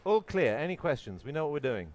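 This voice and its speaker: A man hosting a live masterclass for an audience, playful and quick to tease. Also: very animated, darkish tone. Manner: playful, puts on a booming movie trailer voice. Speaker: workshop host. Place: event hall with an audience.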